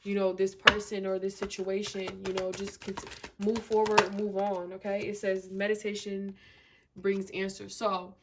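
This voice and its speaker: A woman's voice: mid-range voice, little pitch movement, unhurried, heavy background noise. A woman giving a casual tarot reading to camera, emphatic and slangy, repeating herself and filling with "you know" and "like". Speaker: tarot reader.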